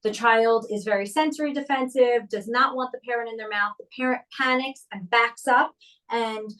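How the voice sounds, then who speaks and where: Female child therapist, interview guest, calm explainer, higher voice, a bit distant from mic. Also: moderate pace. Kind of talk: conversational interview answer.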